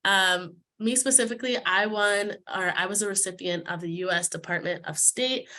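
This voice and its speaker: A woman's voice: medium pitch, steady tone, normal speed, bright, forceful tone. A young woman giving a heartfelt, slightly emotional prepared talk as a student speaker. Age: young adult. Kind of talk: prepared speech.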